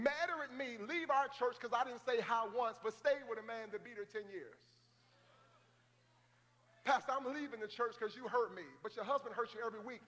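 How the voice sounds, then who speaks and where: A male pastor preaching to his congregation in a church. He talks conversationally, acts out quoted church members in quick asides, and builds to fervent shouting. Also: sits high, a little hiss or hum. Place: church sanctuary. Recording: long hall reverb, faint ambience.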